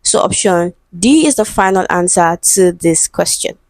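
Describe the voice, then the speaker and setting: A woman's voice: on the low side, lively intonation, moderate pace, a little mellow, dry recording. A woman teaching an exam-prep English lesson, patiently working through answer options, saying words aloud and spelling them out, with frequent "okay" and "right?" checks. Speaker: English tutor.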